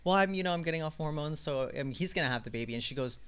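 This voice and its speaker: A trans woman guest in casual podcast chat, telling a story with lively acted-out quotes. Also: deep voice, rapid-fire, smooth. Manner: animated storyteller, acts out quoted voices.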